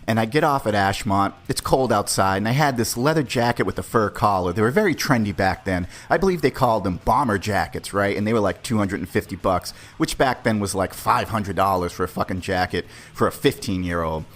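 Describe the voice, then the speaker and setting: A man's voice: lowish voice, a little fast, few pauses, a bit bright. A man in his forties from the Boston area, hosting a podcast and telling a story in a loose, profane, chatty way. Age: 40s. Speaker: podcast host. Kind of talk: casual storytelling.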